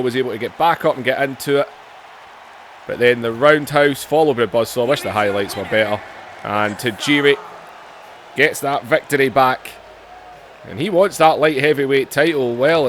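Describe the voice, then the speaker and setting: A man calls a wrestling video game play by play at a desk mic, his middle-pitched voice leaping up on big moves. He tosses in self-mocking asides between the action. A faint hiss sits behind him. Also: a bit bright. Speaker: gaming channel host.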